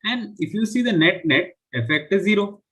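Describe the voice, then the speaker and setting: A man's voice: high voice, lively intonation, normal speed, pushed and bright, poor audio. A man teaching a live online finance class, explaining step by step and often checking with "right?". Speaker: finance instructor.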